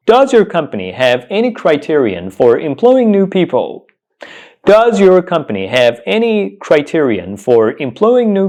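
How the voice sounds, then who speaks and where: A man teaching English pronunciation, repeating each word slowly and clearly for learners. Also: medium pitch, a little mellow. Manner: repeats words slowly and emphatically. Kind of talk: pronunciation lesson.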